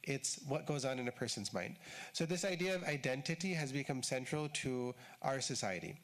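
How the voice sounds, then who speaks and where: A man's voice: medium pitch, animated, normal speed, fairly bright tone. A man giving a conversational religious lecture at a mosque, explaining in short repeated phrases with casual fillers. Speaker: shaykh giving a mosque talk.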